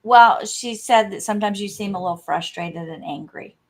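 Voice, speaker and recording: A woman who coaches, co-hosting a podcast in a relaxed, agreeable casual chat. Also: mid-range voice, moderate pace.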